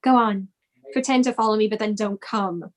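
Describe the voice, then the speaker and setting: A woman's voice: mid-range voice, fairly even intonation, moderate pace, natural voice, rough recording. A teenage girl acting as a jealous, boastful young man spoiling for a duel in a school stage play. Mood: taunting. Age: teens. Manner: boastful, challenging.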